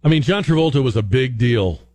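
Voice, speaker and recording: A man's voice: mid-range voice, animated, brisk, a little mellow. A man hosting a radio call-in show, chatty and rambling, with plenty of ums and restarts. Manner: chatty, rambling, many fillers. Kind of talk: casual talk radio.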